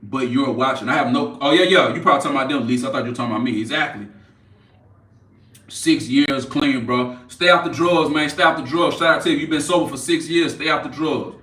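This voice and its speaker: A man's voice: mid-range voice, fast, fairly bright tone, far from the mic. A man in his forties hosting a casual livestream, brash and profane as he mocks trolls in the chat. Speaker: livestream host. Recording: echoey room, off-mic.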